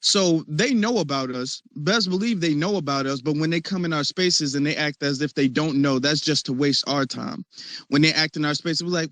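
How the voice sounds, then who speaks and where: A man hosting a casual online discussion, animated and mocking as he acts out the people he criticizes. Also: on the high side, moderate pace, no room sound. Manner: animated, mocking quoted voices.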